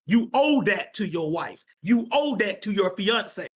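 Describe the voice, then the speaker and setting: Emphatic, slangy Sabbath class teacher. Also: male voice, sits high, sing-song, a little slow, breathy edge. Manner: emphatic and slangy, repeats points for stress. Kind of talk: informal preaching to young people.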